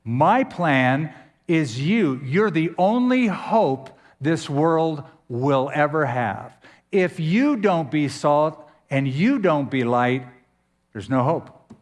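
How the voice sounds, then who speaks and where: A man preaching a sermon as pastor, emphatic, with dramatic pauses and sudden swings in pitch. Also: sing-song, in a large hall.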